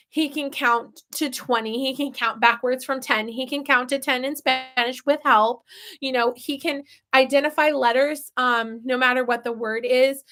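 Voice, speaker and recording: High-pitched, earnest chatty woman. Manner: earnest, chatty, with many fillers and soft asides. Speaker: parent talking about her autistic toddler. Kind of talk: casual explanatory talk to camera.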